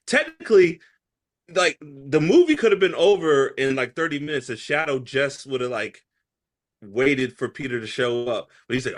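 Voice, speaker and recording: A man co-hosting a casual podcast chat, telling stories in an animated, laughing way. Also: mid-range voice. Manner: animated, laughing, playful storytelling. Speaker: podcast co-host.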